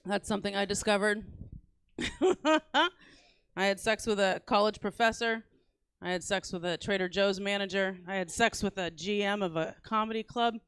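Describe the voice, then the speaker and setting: A woman's voice: mid-range voice, normal speed, a bit bright, clean tone, no room sound. A woman in her forties doing a brash, crude stand-up set on a comedy club stage, teasing the crowd.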